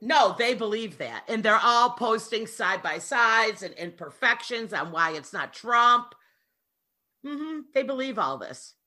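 A woman's voice: fairly high pitch, a little slow. A woman co-hosting a casual podcast, chatting and reacting expressively. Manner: expressive, reacts with gasps and exclamations. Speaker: podcast co-host. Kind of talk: casual gossip chat.

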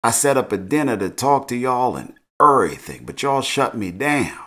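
A man voicing a frustrated, defiant teenage girl who insists loudly that nobody listens to her. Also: medium pitch, expressive, moderate pace, pitched above the performer's own voice, natural voice. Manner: loud, insistent complaining.

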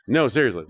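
A man chatting loosely through a live game stream, joking, rambling and cursing as he plays. His voice sits at an ordinary middle pitch, recorded close and dry with no room sound. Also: slightly rough, dry recording. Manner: joking, rambling, swears often. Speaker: streamer playing a VR shooter. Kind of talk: casual live-stream commentary.

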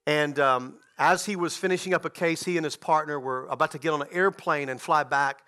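A man preaching a sermon as a guest pastor, telling a story in an animated way with frequent restarts. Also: on the high side, fairly quick.

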